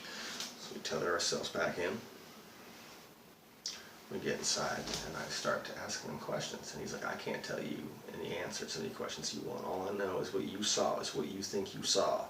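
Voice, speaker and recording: A man's voice: sits low, moderate pace, gravelly. Guy doing a spooked astronaut, rambly and swearing, echoey room, faint hiss. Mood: uneasy. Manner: rambling, profane, full of fillers. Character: rattled male astronaut recounting a UFO sighting. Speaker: actor performing a monologue. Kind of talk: dramatic monologue. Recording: roomy, distant mic, faint noise.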